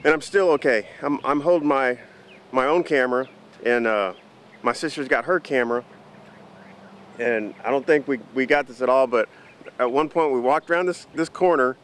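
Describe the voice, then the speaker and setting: A man telling a story to the camera in an animated, chatty vlog. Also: medium pitch, moderate pace, a little hiss or hum. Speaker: vlogger.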